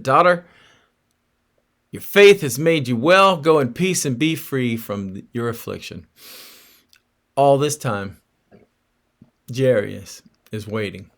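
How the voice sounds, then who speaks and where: A man's voice: mid-range voice, a bit bright. Earnest male preacher telling a story. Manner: earnest storytelling preaching with direct rhetorical questions to listeners. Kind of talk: sermon.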